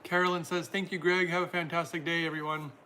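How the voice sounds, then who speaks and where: A man's voice: a little high, flat delivery, quick pace, bright, forceful tone, slight background noise. A man hosting a casual livestream, reading out viewer comments and answering them in a chatty way, laughing often.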